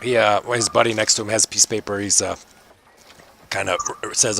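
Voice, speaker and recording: A man's voice: on the low side, flat delivery, quick pace, gravelly, background noise. A man narrating as the game master of an online tabletop game, talking loosely with many fillers.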